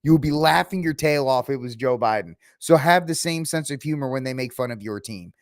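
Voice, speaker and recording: A man's voice: mid-range voice, brisk, no room sound. Sarcastic man ranting on his podcast, dry sound. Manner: ranting, sarcastic, mocking asides. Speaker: podcast host. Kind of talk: opinionated solo commentary.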